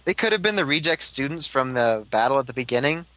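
A man's voice: medium pitch, animated, fast talker, sharp tone, poor audio. A young man chatting casually about a TV show, rambling with lots of fillers. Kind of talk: casual fan chat.

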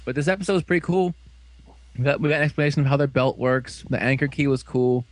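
A man casually recapping an episode for friends, animated and full of fillers, slipping into quick voices for the characters. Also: mid-range voice, no room sound. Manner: animated storytelling, fillers and quick acted quotes. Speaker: fan reviewer recapping an episode.

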